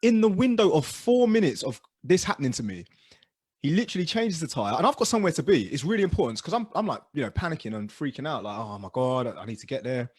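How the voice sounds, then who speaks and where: A man telling stories as co-host of a casual podcast chat, animated and dropping low and quiet for asides. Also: quick pace, breathy edge, no room sound, clean studio sound.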